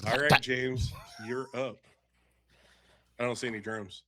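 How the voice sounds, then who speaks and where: A man's voice: medium pitch, steady tone, measured pace, fairly bright tone, slight background noise. A man hosting a casual chat with friends, teasing and moving the segments along. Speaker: podcast host.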